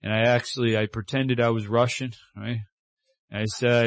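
A male preacher delivering a sermon with animated storytelling, dropping to a hushed tone for tender lines. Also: mid-range voice, moderate pace, dry recording.

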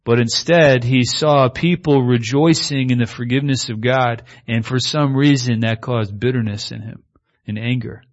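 A man's voice: medium pitch, fairly even intonation, normal speed, muffled recording. A man preaching a sermon in a conversational way, often asking his listeners "right?".

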